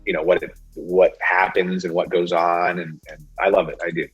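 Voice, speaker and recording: A man's voice: sits low, little pitch movement, normal speed, husky, lo-fi sound, soft background music. A middle-aged man chatting casually as an interview guest, friendly and rambling, with lots of fillers and restarts. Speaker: TV technical advisor, interview guest.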